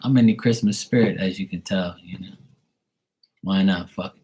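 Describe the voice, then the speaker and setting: A man hosting a casual livestream, joking crudely and streetwise, then doing psychic readings for viewers, often trailing into hushed asides. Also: sits low, fairly even intonation, moderate pace, very noisy. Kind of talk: casual live-stream chat.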